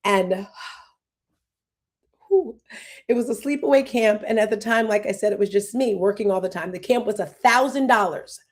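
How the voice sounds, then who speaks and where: A woman in her fifties hosting a casual talk, rambling and emotional, sometimes close to tears. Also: medium pitch. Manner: emotional, rambling, fast tangents. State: tearful. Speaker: host.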